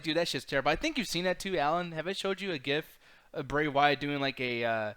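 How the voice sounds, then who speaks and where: A man's voice: on the high side, quick pace, a bit bright, clear, resonant tone. A man co-hosting a casual pop-culture podcast, emphatic and swearing freely, reading chat comments aloud. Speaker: podcast co-host.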